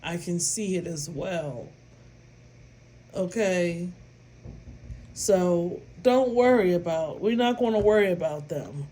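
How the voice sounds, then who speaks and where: A woman's voice: lowish voice, slow, long pauses, dark tone, slight background noise. A woman vlogger talking to her followers in a casual monologue, rambling and repeating herself with emphasis. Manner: rambling, repetitive and emphatic, with bursts of laughter.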